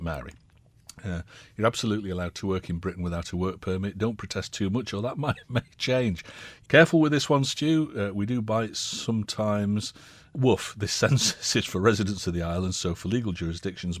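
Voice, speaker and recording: A man's voice: sits low, no room sound. A man hosting a radio phone-in, reading out listener texts and adding wry, dry asides. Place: radio studio.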